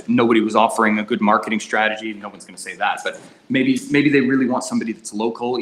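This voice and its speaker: A man running a casual sales training session, energetic and quick to demonstrate phone scripts in an exaggerated tone. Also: lowish voice. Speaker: real estate sales trainer. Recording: echoey room, faint background hum.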